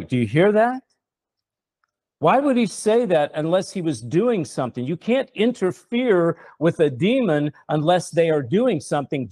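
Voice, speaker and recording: A man's voice: on the high side, dark tone. A middle-aged man hosting a religious talk show, preaching fervently with rhetorical questions and repeated words. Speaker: host and preacher.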